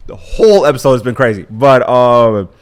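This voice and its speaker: A man's voice: mid-range voice, moderate pace, clean tone. A young man giving a casual episode recap, rambling, self-correcting and slangy. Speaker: commentary vlogger.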